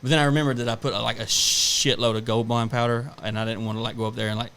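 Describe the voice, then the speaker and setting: A man's voice: mid-range voice, flat delivery, quick pace, sharp tone, slight background noise. A man, co-hosting a casual podcast and telling rambling, profane stories about his family and his job. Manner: profane, rambling storyteller who acts out family anecdotes. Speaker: podcast co-host.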